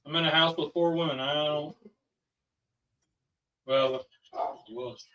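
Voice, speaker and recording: A man's voice: on the high side, steady tone, measured pace, bright, forceful tone, muffled recording. A father hosting a family vlog, chatting casually and rambling with plenty of ums and sos. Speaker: father and channel host. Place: home kitchen. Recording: roomy, from a distance.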